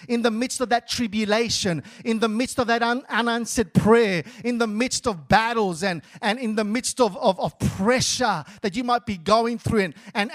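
A male pastor preaching a sermon, repeating words and calling for responses from the church. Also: sits high.

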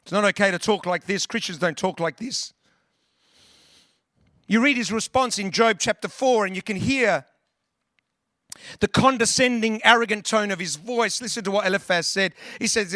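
High, bright-voiced male preacher. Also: normal speed, dry recording, clean studio sound. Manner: earnest, conversational, with long lists and restarts. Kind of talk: sermon.

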